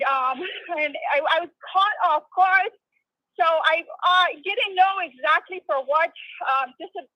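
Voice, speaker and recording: Hesitant high-voiced woman caller on phone. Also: sharp tone, dry recording. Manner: hesitant and grateful, many ums. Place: outdoors on a main street. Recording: dry phone line.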